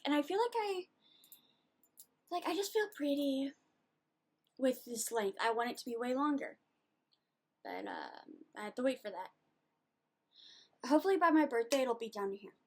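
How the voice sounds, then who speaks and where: A woman of eighteen, ranting animatedly and indignantly in a casual video journal. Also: high-pitched. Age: late teens.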